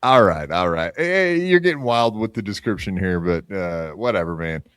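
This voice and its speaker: A man's voice: deep voice, lively intonation, moderate pace, a bit bright, clean tone, no echo. A man hosting a podcast in casual, crude chat, rambling with lots of fillers and poking fun at himself. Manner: rambling, crude, self-mocking, many fillers. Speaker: podcast host.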